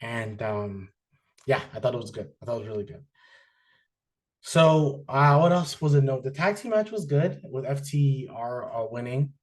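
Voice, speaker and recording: A man hosting a wrestling podcast, chatting casually with many fillers and restarts, getting animated when excited. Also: medium pitch, normal speed. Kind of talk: casual chat, reviewing wrestling.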